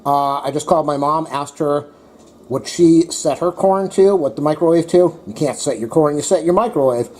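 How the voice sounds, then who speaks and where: A man's voice: on the high side, moderate pace, darkish tone. A man chatting to his viewers in a casual home cooking vlog, talking to his dog between bites. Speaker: cooking vlogger.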